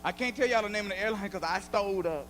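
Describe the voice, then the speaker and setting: A man performing a stand-up comedy routine on a club stage, an animated storyteller who often shouts. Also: high voice, fast, slight background noise.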